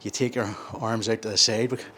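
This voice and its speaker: A man's voice: on the low side, flat delivery, fairly quick, bright, forceful tone, slight background noise. A man, chatting casually between sets in a gym and rambling through his explanations with plenty of self-corrections. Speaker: gym vlogger.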